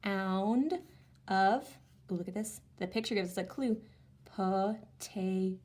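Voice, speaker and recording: A woman teacher leading a reading lesson for young children, sounding out words slowly and reacting with animated excitement. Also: mid-range voice. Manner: animated, exaggerated excitement with gasps and slow sounding-out.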